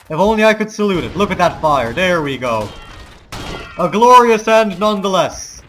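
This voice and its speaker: A man from the Balkans in a forced American accent, commenting on gameplay with mock-grandiose war speeches and wry asides. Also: high voice. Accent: forced American over a Balkan one. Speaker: let's play gamer. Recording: loud game sounds under the voice. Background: game ambience and vehicle noise.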